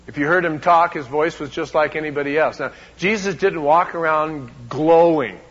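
A man's voice: on the high side, normal speed. Emphatic preaching man, muffled recording. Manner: emphatic, shifts between loud and hushed; repeats words as he talks. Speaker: pastor. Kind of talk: sermon.

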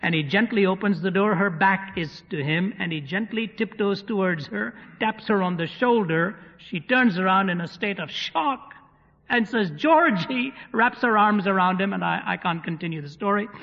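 A man's voice: sits high, moderate pace, creaky, few pauses. A man preaching to a live audience, telling stories vividly with touches of humor. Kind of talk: sermon storytelling. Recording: dull recording in a reverberant hall.

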